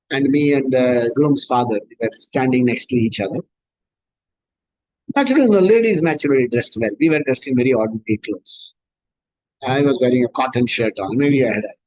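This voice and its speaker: A man's voice: medium pitch, darkish tone, dry recording, low-quality recording. A middle-aged man with an Indian accent, a spiritual teacher giving a scripture discourse and explaining verses with everyday examples.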